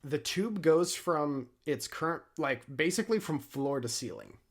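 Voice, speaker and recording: A man's voice: a little high, lively intonation, measured pace. A man running a tabletop game as dungeon master, describing scenes in a laid-back way with many fillers.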